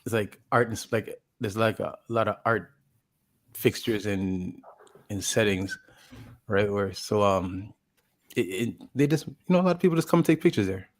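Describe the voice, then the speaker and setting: At a normal speed and a fairly low pitch, a man on a podcast, one of its co-hosts, rambles casually through a long story. Fillers like "like" and restarts abound, and he acts out what people said.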